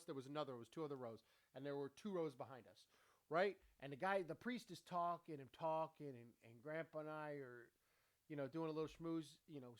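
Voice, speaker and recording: A man in his forties giving a blunt, rambling motivational talk as a podcast host, swearing freely and correcting himself mid-sentence. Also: a little high. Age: 40s. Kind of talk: casual motivational monologue.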